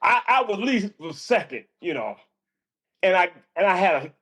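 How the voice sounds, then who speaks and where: An older man, a former college basketball player, telling stories on a call with lively jumps in pitch and frequent laughs. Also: measured pace, long pauses. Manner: lively, jumps high when quoting himself, laughs often. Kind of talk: casual storytelling on a call. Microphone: remote call.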